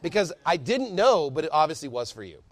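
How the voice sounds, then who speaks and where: A man preaching a sermon with fervor, reading scripture quickly and building up to shouting. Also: on the high side, big pitch swings. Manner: fervent preaching, rising to shouts; reads scripture aloud quickly. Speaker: pastor.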